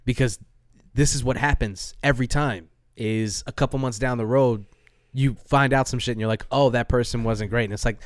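A man co-hosting a podcast in casual chat, animated and laughing often, his voice leaping up when he gets indignant. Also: mid-range voice, moderate pace, no echo, clean studio sound. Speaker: podcast co-host.

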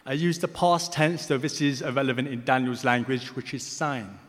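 A deaf man performing spoken word poetry on stage, with slightly slurred speech, moving between rhythmic recitation and soft, hesitant asides to the audience. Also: medium pitch, steady tone, normal speed. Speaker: poet performing. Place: large hall on stage. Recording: live hall reverb.

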